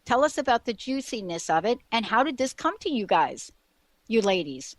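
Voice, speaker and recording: A woman's voice: on the high side, very animated, moderate pace, no room sound. A woman hosting a radio talk show, chatting eagerly and rambling with many fillers and restarts. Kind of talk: casual radio chat.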